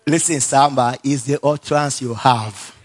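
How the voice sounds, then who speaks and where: There's slight background noise as a Nigerian-accented man, medium in pitch and normal in pace, preaches. He tells his sermon like a vivid story, laughing frequently, repeating phrases and drawing responses from the congregation.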